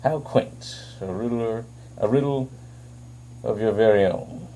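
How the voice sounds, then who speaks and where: A man reading comic dialogue aloud, voicing a flamboyant, taunting male villain with showy, drawn-out words. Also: lowish voice, dark tone, slight background noise, lightly acted. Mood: gleeful taunting.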